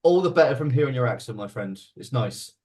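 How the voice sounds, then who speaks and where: A man's voice: medium pitch, expressive, a little fast, a little mellow. A man, the band's vocalist, chatting playfully in an interview and telling stories. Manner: playful, tells stories with voices. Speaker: band vocalist. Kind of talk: casual interview chat.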